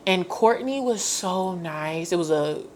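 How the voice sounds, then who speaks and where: A young woman in her twenties tells a personal story as a podcast host, with a voice that sits low for a woman. She talks in a chatty, slangy way and leaps way up in pitch whenever she acts out what someone said. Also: slow, slight background noise. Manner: animated, acts out quoted dialogue with sharp pitch jumps.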